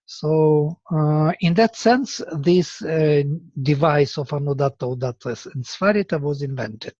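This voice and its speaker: Male lecturer, unhurried and methodical, slightly raised pitch, dry and dull lo-fi sound. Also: warm tone, dry recording. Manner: slow and deliberate, tapping out rhythms aloud.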